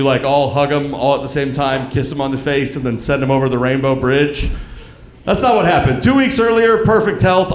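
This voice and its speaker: A man in his thirties performing a stand-up comedy set, telling dark stories in a deadpan way with asides to the audience. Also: fairly high pitch. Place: comedy club stage, live audience. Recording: echoey club room with crowd laughter.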